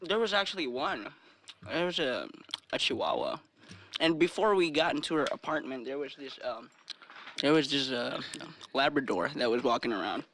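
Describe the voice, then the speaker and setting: A man's voice: mid-range voice, big pitch swings, normal speed, a bit bright, a little hiss or hum. A young man telling a crude comic story in a rambling, giggly way with lots of fillers. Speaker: storyteller on a comedy podcast.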